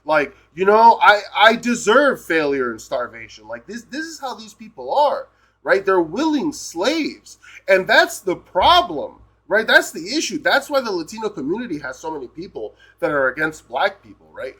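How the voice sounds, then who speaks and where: A man's voice: high-pitched, big pitch swings, moderate pace, a bit bright, slightly rough. A man from the United States ranting heatedly on a live stream, swearing a lot and tagging "right?" onto his points. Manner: profane, repeats "right?" constantly, heated.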